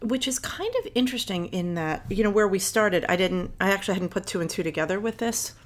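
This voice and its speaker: A woman's voice: mid-range voice, fairly quick. A woman co-hosting a podcast, explaining points at length, reading quotations aloud and stopping to correct herself. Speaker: podcast co-host. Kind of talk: casual podcast discussion. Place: Philadelphia area.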